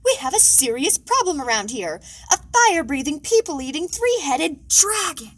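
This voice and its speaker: A woman's voice: high-pitched, sing-song, moderate pace, fairly bright tone. A woman doing a roaring stern king. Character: the king, stern royal father.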